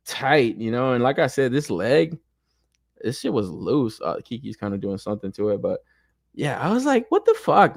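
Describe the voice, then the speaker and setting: A man's voice: mid-range voice, no room sound, studio quality. A young man hosting a toy collecting podcast in casual, profane chat, often laughing and ranting. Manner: profane, animated, frequent laughter.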